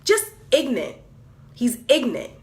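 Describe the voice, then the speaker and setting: A woman's voice: sits high, wildly swooping pitch, normal speed. A woman venting candidly on camera, exasperated and repeating herself with stammered restarts. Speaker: vlogger.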